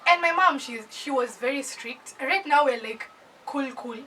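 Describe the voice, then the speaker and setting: A young woman from Kenya with a Kenyan accent, telling a personal story in an animated, casual storytime voice that mixes English with Swahili slang. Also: high-pitched, far from the mic, slight background noise, low-quality recording.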